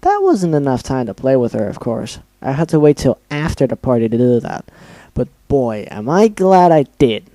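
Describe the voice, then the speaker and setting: A man's voice: medium pitch, wildly swooping pitch, normal speed, hardly any pauses, warm tone, no echo. A man doing a bubbly, murderous pink party pony. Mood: gloating. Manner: bubbly, sing-song, sweetly sinister.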